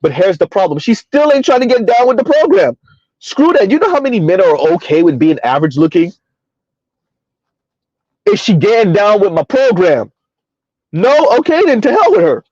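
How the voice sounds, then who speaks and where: A man's voice: high voice, big pitch swings, moderate pace, darkish tone, dry recording, highs cut off. A man hosting a casual livestream commentary, emphatic and rambling, chuckling between points. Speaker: commentary channel host.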